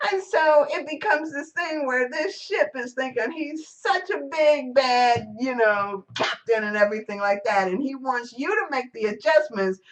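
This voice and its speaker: A woman giving a relaxed, conversational sermon to her congregation. She rambles and circles back on herself, stacking fillers and restarts as she goes. The talk is captured live during a church service. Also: sits high. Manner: rambling, chatty storytelling with many fillers and restarts. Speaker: church speaker.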